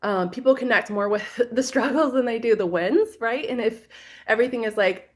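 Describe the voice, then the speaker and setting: A woman's voice: on the high side, normal speed. A woman giving an online social media training over a video call, talking in a casual, chatty way with plenty of filler words.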